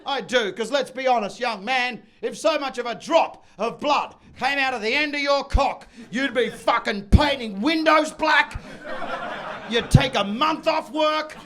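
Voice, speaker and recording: A man doing a stand-up comedy set, brash and loud, bursting into shouts and mock voices. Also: very high voice, measured pace. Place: comedy venue with audience.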